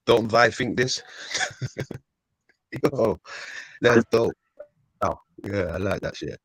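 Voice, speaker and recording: A young man chatting casually, excitable and quick to laugh. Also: medium pitch, slightly rough, dry recording. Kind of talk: casual chat.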